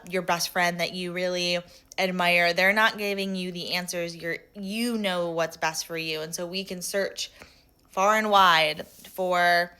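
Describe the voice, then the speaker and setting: A woman's voice: lowish voice, bright, forceful tone, clean tone. A woman speaking as a spiritual coach in a reflective guided talk, earnest and questioning, repeating phrases for emphasis.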